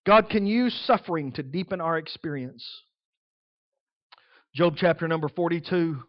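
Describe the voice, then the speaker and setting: A man preaching a sermon in an emphatic way, swinging between soft and loud. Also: a little high, no echo, highs cut off.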